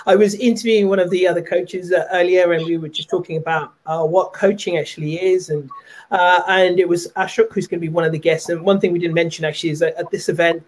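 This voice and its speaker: A man's voice: high-pitched, steady tone, fast talker, poor audio. A man hosting a podcast, chatting casually with guests and rambling through many fillers. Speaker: podcast host. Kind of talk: casual interview chat.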